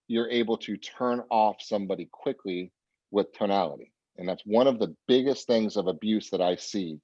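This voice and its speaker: Brief emphatic male trainer, lower voice, dry close sound, slightly dull audio. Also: a little mellow, no echo. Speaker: real estate trainer. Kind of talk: coaching talk.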